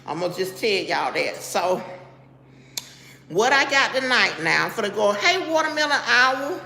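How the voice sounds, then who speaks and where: A middle-aged woman hosts a casual live stream, speaking bluntly and interrupting herself mid-sentence to greet viewers by name. Her voice is a little high, creaky, pushed and bright, with big pitch swings and a measured pace. The room is echoey with long reverb and slight background noise.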